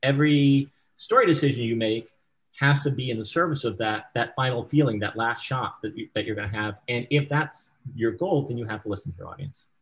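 A man who writes screenplays, speaking as a guest in a casual interview, relaxed and frank, who swears casually and keeps checking in with "right?". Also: medium pitch, brisk, rough recording.

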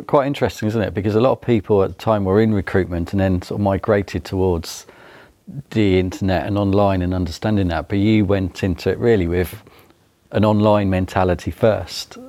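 Interviewer guy, really deep and mellow voice, measured questions. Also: steady tone, no room sound. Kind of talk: scripted intro and interview questions.

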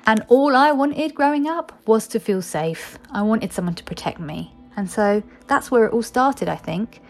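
A woman's voice: a little high, lively intonation, moderate pace, soft background music. A woman, reading her own personal essay in a candid, wry, conversational way. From East London, England.

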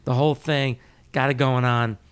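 A man from Connecticut, a restaurant owner and podcast co-host, telling his story in relaxed chat. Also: mid-range voice, moderate pace, crowd noise. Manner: relaxed storyteller, laughs easily.

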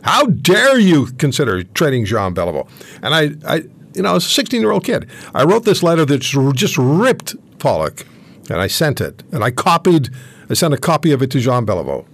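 A man in his seventies, hosting an interview and telling stories in a chatty, animated way. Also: on the high side, a little fast, vocal fry. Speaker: host. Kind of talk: casual interview chat.

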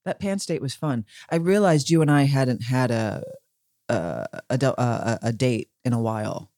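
A woman's voice: extremely low pitch, normal speed, mellow, no room sound, studio quality. Teasing woman telling a story. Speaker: podcast co-host. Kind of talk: casual chat.

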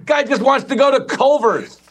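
A man as a comedian guest on a talk show, riffing with sarcastic deadpan jokes. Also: very high-pitched, normal speed.

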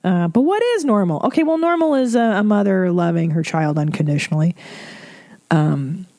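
A woman's voice: lowish voice, expressive, moderate pace, dark tone, dry recording. A woman hosting an advice podcast, talking candidly and emotionally, swearing freely as she reads listener letters aloud. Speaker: podcast host. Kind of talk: casual advice podcast monologue.

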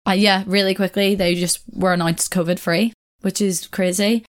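A woman's voice: medium pitch, level tone, normal speed. A young woman hosting a casual solo podcast, chatty and rambling, often correcting herself and laughing. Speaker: podcast host.

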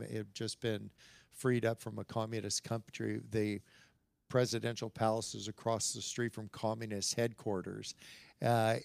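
A middle-aged man appears as a podcast guest, his lowish voice creaky and free of room sound. He tells stories in casual conversation with animation, acting out the quoted voices and chuckling between lines.

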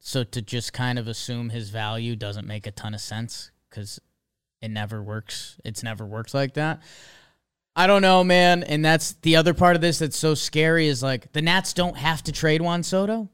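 A young man hosting a casual sports podcast, excitable and rambling, jumping between thoughts. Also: mid-range voice, normal speed, clear, resonant tone.

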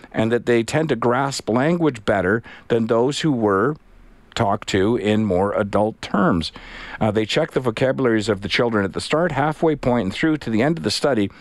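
A middle-aged man hosting an afternoon radio talk show, chatting in a relaxed, rambling way with many pauses. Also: mid-range voice, no echo. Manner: relaxed, rambling, frequent uhs. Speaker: radio host.

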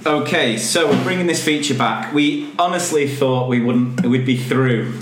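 A man's voice: mid-range voice, normal speed, over music. Jokey man in an echoey room. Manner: jokey, storytelling, reads news headlines aloud. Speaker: podcast co-host. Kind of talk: casual chat.

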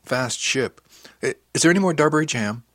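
A man voicing a lively young woman machinist who is chatty and blunt. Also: medium pitch, a little fast, no room sound, clean studio sound, pitched above the performer's own voice. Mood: eager. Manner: eager, chatty.

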